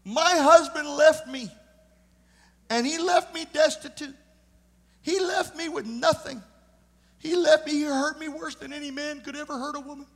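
A man voicing a dying woman who cries out in bitter grief, high-pitched and anguished. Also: steady tone, normal speed, long pauses, big-room sound.

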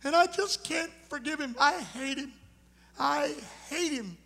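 A man voicing a dying woman who cries out in bitter grief, high-pitched and anguished. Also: unhurried, vocal fry, fairly bright tone, in a large hall, heavily acted.

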